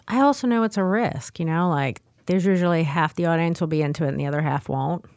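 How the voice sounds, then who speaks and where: Deadpan woman comic, dry close sound. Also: low-pitched, quick pace, no echo. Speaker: comedian guest. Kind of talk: casual interview chat.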